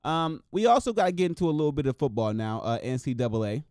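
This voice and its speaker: A man from Wisconsin hosts his own show alone, tossing out scores and quick opinions in loose slang. His voice sits at an ordinary middle pitch, and the sound is dry and close, with no room around it. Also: clean tone, no echo. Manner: loose, excitable, slangy, talks to viewers as y'all. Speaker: host. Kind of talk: casual solo commentary.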